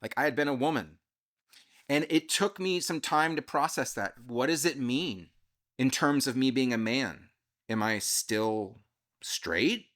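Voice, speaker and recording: A man's voice: medium pitch, measured pace, a bit bright. Man candidly recounting a personal story. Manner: candid, confessional, self-reflective; frequent self-corrections and restarts. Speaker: channel host telling his own story.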